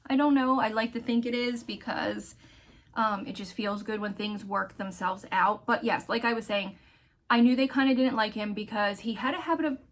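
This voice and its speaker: A woman vlogger telling a personal story in a candid, heartfelt way, often pausing to search for words. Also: mid-range voice, fairly even intonation, fairly bright tone. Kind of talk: casual storytelling vlog.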